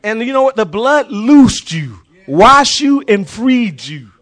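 A man preaching a sermon with passion, repeating phrases and shouting key words for emphasis. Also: very high-pitched, very animated, slow.

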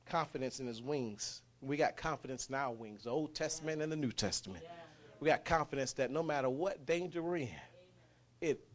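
A man preaching a sermon, folksy and impassioned, swinging from quiet talk to shouting. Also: mid-range voice. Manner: folksy, dialect speech.

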